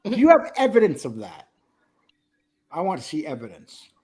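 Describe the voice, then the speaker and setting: A man's voice: sits high, huge pitch swings, moderate pace, darkish tone, slightly rough. A male livestream host chatting casually, joking and teasing as he reads the chat aloud.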